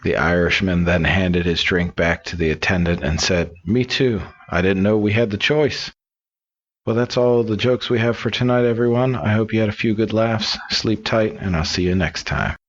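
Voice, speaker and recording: A man with a very low voice tells jokes in a loose, rambling way, sliding in fillers between lines. The recording sounds muffled and lo-fi. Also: normal speed, few pauses. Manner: relaxed, rambling storytelling with fillers. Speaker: joke teller. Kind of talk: reading and telling jokes.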